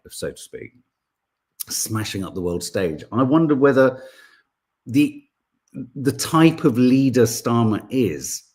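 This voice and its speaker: A man, hosting a podcast in casual chat and reading out viewer comments in a rambling, animated way. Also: lowish voice. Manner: rambling, animated, full of restarts and asides. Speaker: podcast host.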